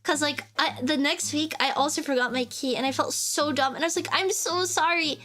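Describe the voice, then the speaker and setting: A woman's voice: sits high, fairly even intonation, fairly quick, a bit bright. A young woman from the United States streaming a casual chat, rambling and giggly, often cutting herself off mid-sentence. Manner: rambling, giggly, self-interrupting.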